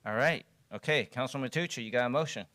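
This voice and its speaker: Male mayor, bright fast delivery, informal chairing. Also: mid-range voice.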